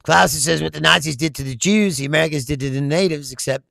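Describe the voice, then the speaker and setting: A fast-talking middle-aged man with a fairly high, vocal-fried voice hosts a relaxed political chat. He reads viewers' comments and fires back with laughing, profane, animated stories. The audio is studio quality, with no echo.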